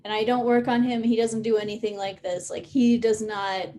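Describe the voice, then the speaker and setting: A woman's voice: on the high side, level tone, normal speed, mellow, a little hiss or hum. Rambling woman hosting a live Q&A. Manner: rambling, many fillers and restarts. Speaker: host of a live Q&A session. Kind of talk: casual live-stream Q&A.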